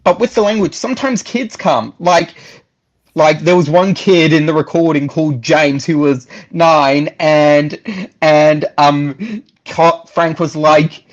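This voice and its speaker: A man talks in a loose, rambling way, cracking jokes and repeating himself. His voice sits a little high. The recording sounds dull and lo-fi. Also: fairly even intonation, takes it slowly. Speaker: guest. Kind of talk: casual chat.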